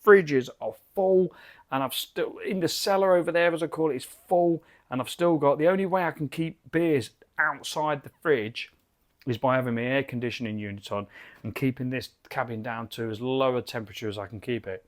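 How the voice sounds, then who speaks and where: A man's voice: medium pitch, normal speed. A British man giving a chatty, enthusiastic and rambling beer review from his garden cabin bar. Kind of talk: casual video review.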